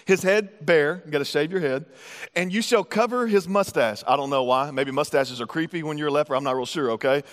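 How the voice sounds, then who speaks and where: A man's voice: a little high, brisk, in a large hall. A man from the United States preaching a sermon as pastor, casual, with joking asides.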